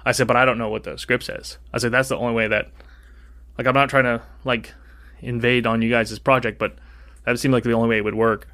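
Bright-voiced man telling a story. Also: mid-range voice, a little fast. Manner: rambling, animated, acts out quoted dialogue. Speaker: podcast co-host. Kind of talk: casual storytelling chat.

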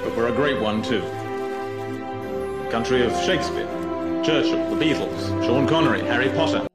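A proud British prime minister , played by a man, delivers a stately, rousing address in a British accent. The film clip is echoey, and loud orchestral music swells behind him. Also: medium pitch, moderate pace, natural voice. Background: loud film score.

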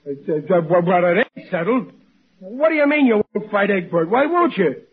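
An actor playing a blustering, boastful working-class father with a husky, raspy voice, stammering through 1940s radio comedy. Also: high-pitched, sing-song, moderate pace, full character voice. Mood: indignant. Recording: lo-fi old radio recording.

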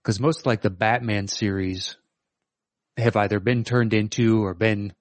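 A man's voice: fairly low pitch, fairly even intonation, unhurried, dry recording. A middle-aged man co-hosting a podcast in casual chat, thinking aloud with hesitant ums and likes. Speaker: podcast co-host.

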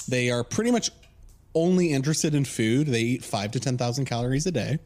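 A man's voice: mid-range voice, brisk, background noise. A man co-hosting a podcast, telling a story in a loose, chatty way full of "like" and laughter. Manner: animated, laughing storyteller with many "like"s. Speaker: podcast co-host. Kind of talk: casual storytelling chat.

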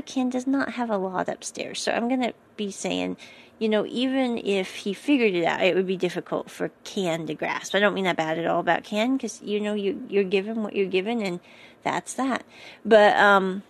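A woman's voice: medium pitch, moderate pace. A woman recapping a series episode in a casual, rambling way, often stopping to correct herself. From United States. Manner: rambling, chatty, with frequent self-corrections.

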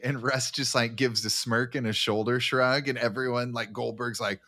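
A man co-hosting a podcast, chatting casually about a movie, laughing often and acting out its lines in excited voices. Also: mid-range voice, normal speed, hardly any pauses. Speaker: podcast co-host. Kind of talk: casual movie-recap chat.

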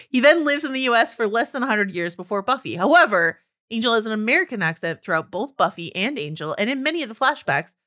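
A woman from Northern California co-hosting a podcast in casual chat, animated and laughing often. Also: on the high side. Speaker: podcast co-host.

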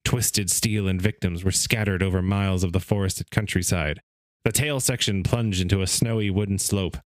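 A man's voice: deep voice, fairly even intonation, moderate pace, no room sound. A man hosting a casual podcast, reading a story aloud and sometimes stumbling on a word. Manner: reads steadily, stumbles on some words then laughs it off. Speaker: podcast host reading stories.

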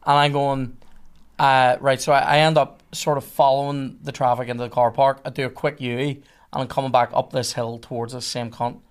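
A man's voice: medium pitch, little pitch movement, normal speed, smooth. Lad on a podcast, swears a lot, acts out the other voices in his story. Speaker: guest. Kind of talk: casual storytelling.

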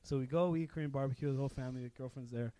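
Animated young man telling a story. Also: mid-range voice, very fast, dry recording. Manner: animated storyteller, laughs often, swears freely. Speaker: podcast co-host. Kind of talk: casual chat, telling a story.

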